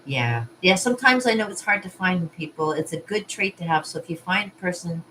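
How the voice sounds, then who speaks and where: A woman's voice: lowish voice, lively intonation, fairly quick, sharp tone, slight background noise, poor audio. A woman hosting a casual vlog from her art studio, chatting in a rambling way with frequent laughs and asides. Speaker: party artist and vlog host.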